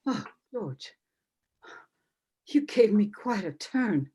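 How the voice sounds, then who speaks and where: A woman's voice: medium pitch, very animated, slow pace, dark tone, slightly rough, heavily acted. A woman playing a fretful mother of the groom who scolds and worries, over dull video-call audio. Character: fussing middle-aged mother of the groom.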